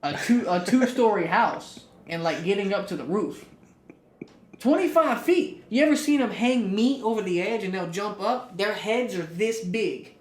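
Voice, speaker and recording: A man co-hosting a casual podcast, telling stories and rising loud for punchlines. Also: high voice, animated, moderate pace, few pauses. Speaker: podcast co-host. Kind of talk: casual chat. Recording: echoey room.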